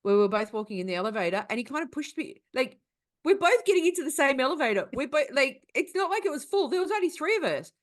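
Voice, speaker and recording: A woman's voice: sits high, very animated, fast talker. An Australian woman co-hosting a podcast, telling stories in casual chat, swearing freely and laughing often. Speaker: podcast co-host.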